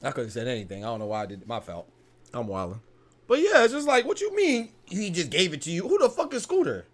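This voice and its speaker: A young man hosting a casual boxing podcast, talking in a heated, animated way and peppering his lines with "bro" and profanity. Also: on the high side, fast. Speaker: podcast host.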